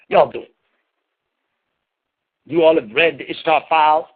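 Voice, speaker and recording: A man's voice: a little high, breathy edge. A man preaching to his followers in an emphatic, scolding manner, slangy and salted with cursing. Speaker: spiritual leader. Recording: tinny phone-like sound.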